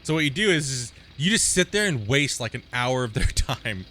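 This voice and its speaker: A man's voice: medium pitch, big pitch swings, normal speed, bright, forceful tone, slight background noise. A man streaming a game live, chatting casually and rambling through stories, often tagging sentences with "right?".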